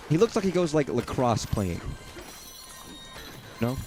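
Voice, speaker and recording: A man's voice: mid-range voice, sing-song, unhurried, dark tone. A young man casually commentating a video game, rambling and swearing with jokey asides. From southern US. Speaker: gaming streamer. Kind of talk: casual let's-play commentary. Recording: faint game music behind.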